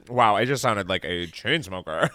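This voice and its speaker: A man hosting a podcast in casual chat, animated and chatty, swearing freely and laughing often. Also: on the low side, measured pace, dry recording. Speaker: podcast host. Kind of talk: casual chat, candy taste test.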